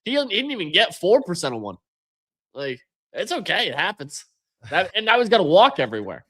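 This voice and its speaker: Pria pembawa podcast, sinis dan datar. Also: male voice, huge pitch swings, brisk, bright, forceful tone. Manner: dry sarcastic, low mumbled asides. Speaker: podcast co-host. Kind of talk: casual chat.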